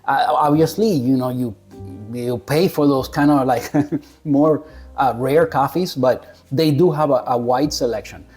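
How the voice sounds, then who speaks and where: A man talking casually to camera as he reviews a coffee, relaxed, chuckling often and stumbling over unfamiliar names. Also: mid-range voice, measured pace, soft background music.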